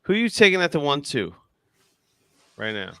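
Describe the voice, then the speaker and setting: An excitable man hosts a loose podcast chat, laughing and swearing as he quizzes his panel. His voice is bright and crisp, and the close mic sounds dry, with no room around it. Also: fairly high pitch, normal speed, dry recording. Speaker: podcast host. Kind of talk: casual chat.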